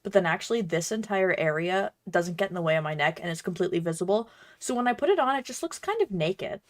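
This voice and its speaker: A woman who cosplays and streams chats casually while crafting, bubbly, rambling and self-deprecating. Her voice is lowish, with lively intonation and a quick pace.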